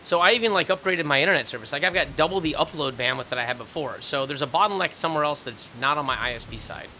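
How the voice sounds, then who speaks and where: A male esports caster with a very bright, forceful voice that climbs high and speeds up when the action heats up. Faint noise sits under the recording. He chats loosely between plays. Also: low-quality recording. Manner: excitable, rising to high-pitched rapid calls in fights. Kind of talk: live game commentary.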